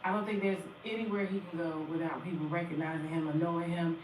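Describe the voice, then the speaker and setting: A woman's voice: lowish voice, steady tone, fast talker. A woman hosting a podcast interview who talks hesitantly and uses many fillers. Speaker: podcast host. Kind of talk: interview talk. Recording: echoey, distant, faint noise.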